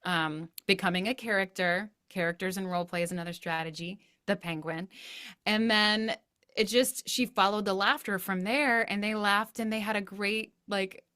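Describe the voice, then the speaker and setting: Lively woman parenting educator, chatty, laughs a lot, storytelling vibe. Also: mid-range voice, normal speed, smooth. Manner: animated storytelling, laughs often, acts out voices. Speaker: playful parenting educator, guest. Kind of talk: casual interview chat.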